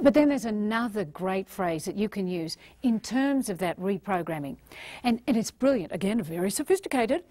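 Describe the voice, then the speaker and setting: An Australian woman giving a recorded leadership training lecture in a lively, animated manner. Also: a little high, no room sound. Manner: animated, acts out quoted voices.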